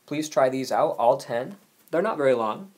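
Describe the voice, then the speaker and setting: A man's voice: mid-range voice, lively intonation, moderate pace. A man teaching a recorded video lesson, explaining rules patiently and reading example sentences aloud. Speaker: language teacher.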